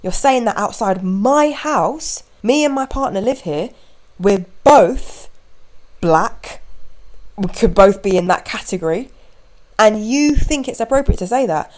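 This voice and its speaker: A woman quoting her partner, a calm young man who speaks firmly and measuredly. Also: medium pitch, measured pace, voice pushed up, natural voice, poor audio. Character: calm, firm young man setting a boundary.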